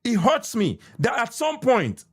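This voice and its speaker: A Nigerian man with a Nigerian accent, a podcast host giving heated, repetitive commentary that swings from shouts to muttered asides. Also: very high voice, wildly swooping pitch, measured pace, breathy edge.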